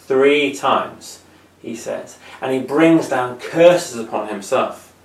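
A man preaching a children's sermon, retelling a Bible story conversationally and dropping to a hush for emphasis. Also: mid-range voice, takes it slowly, echoey room, far from the mic.

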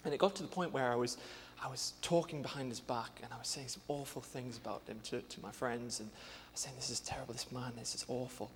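A young man, a church intern, telling a personal testimony earnestly, with many pauses and fillers. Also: mid-range voice, steady tone, in a large hall, slight background noise.

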